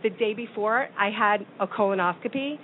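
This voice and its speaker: A woman from New York City telling a story in casual talk show chat, with many fillers. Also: moderate pace. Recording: tinny phone line with faint rumble.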